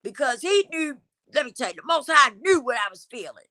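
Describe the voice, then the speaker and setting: A woman's voice: sits high, big pitch swings, fairly quick, bright, forceful tone, dry recording. A middle-aged woman, hosting a casual livestream in a loose, preachy way and now and then singing snatches of a song. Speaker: livestream host.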